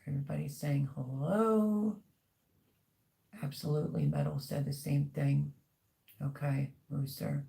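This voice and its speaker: A woman's voice: sits low, steady tone, unhurried, gravelly, long pauses, dark tone. A middle-aged woman hosting a casual livestream, chatting and reading out viewer comments with lots of ums. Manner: chatty, rambling, many ums. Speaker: livestream host.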